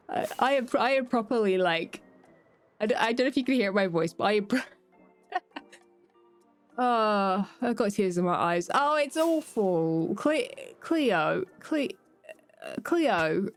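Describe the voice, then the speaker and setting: Chatty British woman, high voice. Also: no echo. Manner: chatty and playful. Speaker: Minecraft YouTuber. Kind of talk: casual gameplay commentary.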